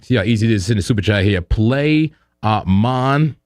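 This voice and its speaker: Low-voiced joking livestream host. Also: male voice, normal speed, no echo, studio quality. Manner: animated and joking, with frequent fillers and laughs. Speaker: host of a crypto trading livestream. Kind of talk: casual live-stream chat.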